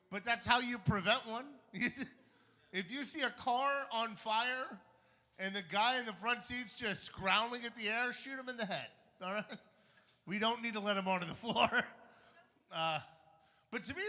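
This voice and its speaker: A man doing a stand-up set on a comedy club stage, wry and punchy with dark jokes. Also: high-pitched, in a large hall.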